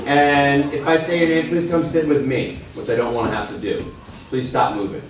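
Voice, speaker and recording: A man's voice: mid-range voice, fairly even intonation, normal speed. Encouraging male teacher in an echoey hall. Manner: encouraging, directive. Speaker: teacher leading audience feedback. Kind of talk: classroom moderating. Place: school hall. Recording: echoey hall, distant mic, background noise.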